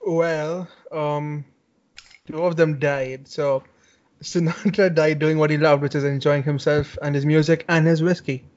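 A man joking around on a casual comedy podcast, relaxed and playful. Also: fairly high pitch, measured pace, lo-fi sound. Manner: laid-back, laughing, playful. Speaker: podcast co-host.

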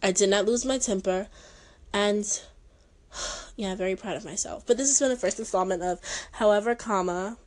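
A woman's voice: medium pitch, moderate pace, pauses often, low-quality recording. A young woman hosting a podcast, chatting casually and rambling through stories with joking asides. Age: young adult. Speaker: podcast host.

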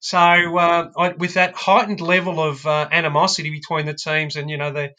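A man guesting on a casual podcast, picking his words hesitantly and restarting often. His voice is bright and fairly high. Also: little pitch movement, normal speed. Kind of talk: casual chat.

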